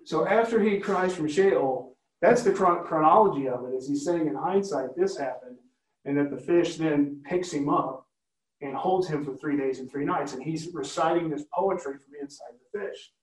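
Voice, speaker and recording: A man's voice: on the high side, moderate pace. A man leading a Bible study, teaching conversationally and often checking in with listeners by asking questions. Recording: roomy, from a distance.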